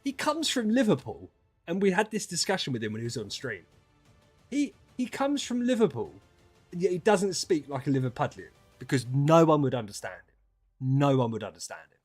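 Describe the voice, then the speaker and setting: A man streaming casual chat with viewers, ranting and swearing, dropping to mutters and then rising to loud outbursts. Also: on the high side, very animated, brisk, breathy edge, faint music behind.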